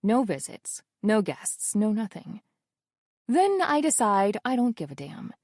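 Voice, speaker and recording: A woman's voice: mid-range voice, very animated, a little slow, a little mellow, no echo, studio quality. A woman narrating a romance audiobook in the first person, wry and intimate in her telling.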